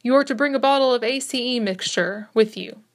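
A worried young husband, pressing and earnest, pleading for help, as a woman reading the story gives him voice. His tone sits fairly high. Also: brisk, natural voice. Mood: urgent. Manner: urgent, earnest. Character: anxious young husband urgently fetching help.

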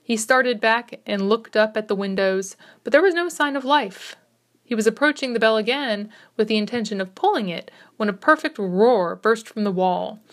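A woman's voice: a little high, animated, moderate pace. Woman reading a classic story aloud. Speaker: audiobook reader. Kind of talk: scripted narration of a classic short story.

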